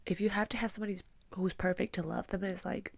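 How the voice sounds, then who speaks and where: A young woman co-hosting a podcast, telling stories earnestly with lively emphasis. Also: mid-range voice, fast, creaky. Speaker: podcast co-host. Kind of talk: casual conversation.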